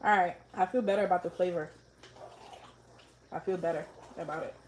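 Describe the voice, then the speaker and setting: A woman's voice: on the low side, brisk, darkish tone. Woman cooking live in her kitchen, chatty, talks right to the viewers, bit of faint noise behind. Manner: chatty, talks straight to viewers, reads out comments. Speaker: cooking livestream host. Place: home kitchen.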